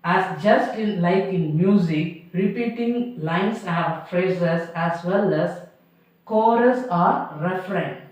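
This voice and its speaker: A man with a high voice teaches slowly, going over each point twice in simple, uneven grammar. The recording is heavily echoey, as if from a bare room. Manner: slow, repeats each point twice, non-native grammar. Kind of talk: classroom lecture. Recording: roomy echo, mic far off.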